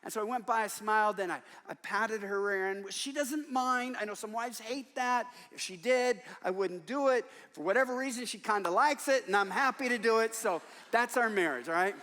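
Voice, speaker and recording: An older man preaches in a large church, and his voice sits fairly high for a man. He tells stories with animation and acts out the people he quotes. A long reverb trails after his voice in the big hall. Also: normal speed, few pauses, sharp tone. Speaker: guest preacher. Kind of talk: sermon. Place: large church worship center.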